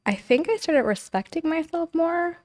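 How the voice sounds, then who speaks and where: A woman's voice: very high voice, animated, moderate pace, darkish tone. Chatty woman guest, candid storytelling. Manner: talkative, heavy use of "like", acts out quoted dialogue. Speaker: podcast guest.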